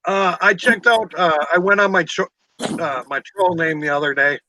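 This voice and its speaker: A man's voice: high-pitched, normal speed, bright, forceful tone, slight background noise, rough recording. A man chatting as a guest on a livestream, making crude jokes. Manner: crude, joking. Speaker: guest on a stream. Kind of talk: casual chat.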